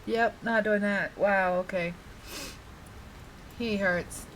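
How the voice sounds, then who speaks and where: A woman's voice: medium pitch, fairly even intonation, slow pace, fairly bright tone, a little hiss or hum, rough recording. A woman vlogging casually while she plays a game, rambling and laughing often. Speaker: gaming vlogger. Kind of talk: casual chat while playing. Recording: faint game music behind.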